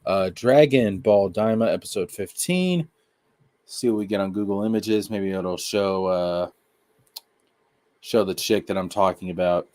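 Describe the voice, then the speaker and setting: Excitable man riffing on an anime. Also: low-pitched, measured pace. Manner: excitable, repeats himself, slangy. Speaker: anime review streamer. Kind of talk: casual live-stream commentary.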